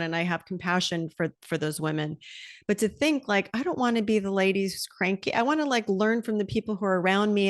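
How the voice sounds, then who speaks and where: A woman's voice: lowish voice, no room sound, clean studio sound. A middle-aged woman hosting a podcast, talking candidly and with animation, swearing freely in casual conversation. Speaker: podcast host.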